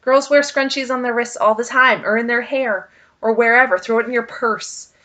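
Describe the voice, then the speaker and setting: A vlogger tells stories in a chatty, casual way, full of fillers and emphatic asides. Her fairly high voice holds a steady tone at a moderate pace and sounds pushed and bright.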